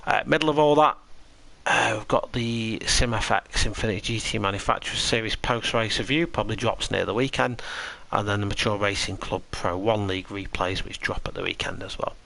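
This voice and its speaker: A man's voice: lowish voice, fairly even intonation, fairly quick, creaky, pushed and bright, low-quality recording. A tired man giving chatty, rambling commentary on a live sim racing stream and answering his chat.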